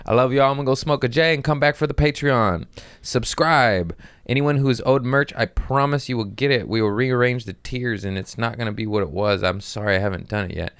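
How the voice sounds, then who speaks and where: A man's voice: on the low side, fairly bright tone, clear, resonant tone, no echo. A man who is a comedian hosting his podcast, ranting in an exasperated, profane way with comic timing. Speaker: podcast host.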